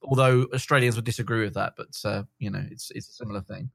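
Relaxed man, dry close sound. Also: lowish voice, quick pace, creaky, slightly rough, dry recording. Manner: relaxed, many fillers. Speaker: guest. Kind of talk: casual podcast interview.

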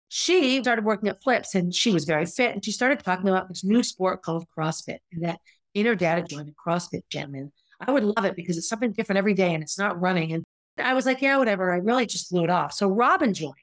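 Fairly quick and expressive, a middle-aged woman's lowish voice comes through with no echo as she hosts her podcast. She shares a personal story openly and conversationally, dramatizing what others said.

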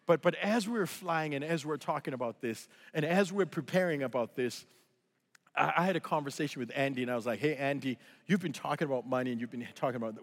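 A male pastor from Africa telling a story in a sermon with lively energy, acting out other people's voices and laughing often. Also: fairly high pitch, fast, over music. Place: large church hall. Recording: live sermon in a reverberant hall.

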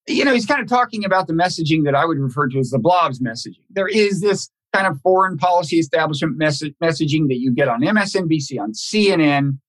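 A man hosting a podcast conversation, talking in a halting, thoughtful way with many restarts and repeated words. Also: high-pitched, lively intonation, a bit bright. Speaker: podcast host. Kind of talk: casual conversational interview.

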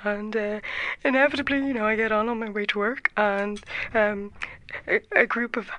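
A woman's voice: mid-range voice, fairly even intonation, normal speed, pushed and bright, a little hiss or hum, natural voice. A woman playing a glum, hesitant caller who keeps stalling with ums and uhs in an improvised comedy call-in. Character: glum woman caller with a sad face, bigoted. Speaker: character caller.

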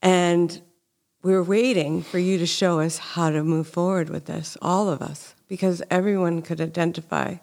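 A woman's voice: lowish voice, steady tone, moderate pace, vocal fry, a little mellow. Earnest woman hosting an interview. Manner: earnest, retells stories with quoted dialogue. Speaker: podcast host. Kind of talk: conversational interview.

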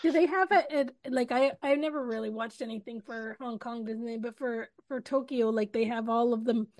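Woman co-host, higher pitch, chatty questions. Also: normal speed, a little mellow, dry recording. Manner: asks questions, rambling with "like". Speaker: podcast co-host. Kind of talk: casual chat.

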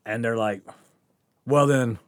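A man's voice: medium pitch, takes it slowly, no room sound, clean studio sound. A man hosting a podcast, telling a story in casual chat, laughing often and swearing freely. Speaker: podcast host.

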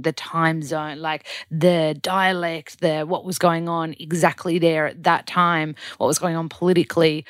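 A woman with an Australian accent and a low voice, giving an upbeat, casual diary-style check-in as a podcast host in a studio. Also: dry recording. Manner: chatty, upbeat, self-deprecating.

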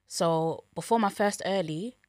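A woman's voice: fairly low pitch, a little slow, darkish tone, dry recording, studio quality. A tired young woman, co-hosting a casual podcast and laughing often. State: tired, drowsy. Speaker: podcast co-host. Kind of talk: casual chat.

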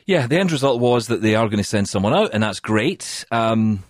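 A man from the UK co-hosting a podcast in casual chat, telling a story in an animated way and often laughing. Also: on the low side, fairly quick, no room sound, studio quality. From United Kingdom. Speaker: podcast co-host.

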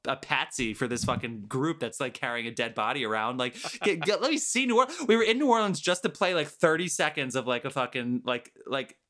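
A man with a bright, lively voice rants about a film in casual podcast chat. His pitch swings widely and his tone stays sharp and forceful. He swears freely. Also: brisk, few pauses. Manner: animated ranting, profane, mimics characters. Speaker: podcast co-host.

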